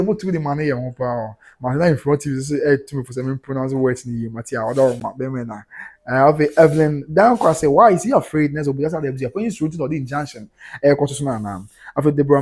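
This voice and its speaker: A man's voice: medium pitch, mellow, husky. Ghanaian man reading comments on a livestream. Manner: reads viewer comments aloud and reacts, mixing Twi and English.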